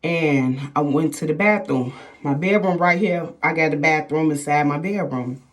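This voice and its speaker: A woman's voice: deep voice, normal speed. A middle-aged woman vlogger telling viewers a personal story in casual chat, emphatic and repetitive, often calling them "y'all".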